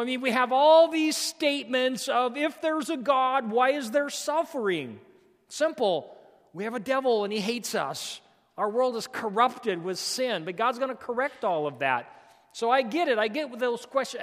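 A man's voice: extremely high pitch, animated, normal speed, fairly bright tone. Man, pastor, emphatic folksy sermon, long church reverb. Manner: folksy, emphatic preaching with repetitions.

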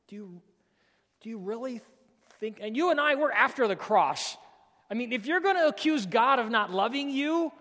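A man's voice: high voice, fairly bright tone, long reverb tail. A male pastor, preaching a folksy, emphatic sermon with lots of repetition.

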